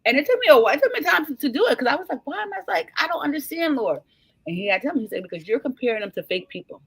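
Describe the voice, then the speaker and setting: A woman hosting a casual book club chat, expressive and enthusiastic. Her pitch swings widely, and her voice is bright. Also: rapid-fire, breathy edge.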